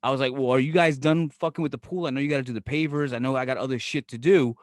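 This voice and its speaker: A man's voice: mid-range voice, fast talker, no echo, studio quality. A man with a New York accent, co-hosting a podcast, animatedly telling profane stories and acting out other people's lines. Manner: animated storyteller, acts out quotes, profane, laughs often. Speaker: podcast co-host. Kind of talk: casual podcast banter.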